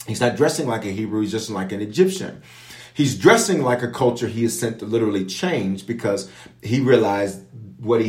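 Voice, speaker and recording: A man's voice: lowish voice, darkish tone, echoey room. A man, a bishop, leading an online prayer that turns into Bible teaching. He preaches with an emphatic, repetitive cadence, making prophetic declarations and speaking straight to his viewers. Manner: speaks directly to an online audience.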